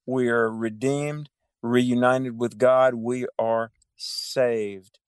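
A man's voice: medium pitch, steady tone, drawn-out words, smooth, no room sound. A man co-hosting a Bible teaching radio show, explaining theology in a fervent way and often affirming with amens.

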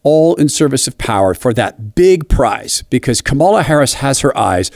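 A man talks straight into a dry, close microphone, at a mid-range pitch that sits neither high nor low. His pace is measured, and he slows right down to land his points in an opinionated commentary monologue. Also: big pitch swings, darkish tone, dry recording. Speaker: political commentator.

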